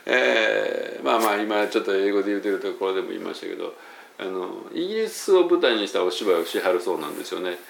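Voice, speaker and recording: Low, gravelly Kansai Japanese man. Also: animated, racing, a bit bright, slight background noise. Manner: hesitant, many fillers and self-corrections. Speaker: university English teacher. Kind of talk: casual solo monologue. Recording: roomy echo.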